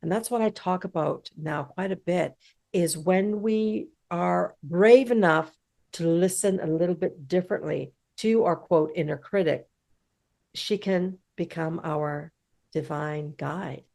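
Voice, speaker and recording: A woman's voice: lowish voice, a little slow, vocal fry, darkish tone. A middle-aged woman hosting a self-help podcast, talking in a punchy, emphatic way with casual swearing. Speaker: podcast host.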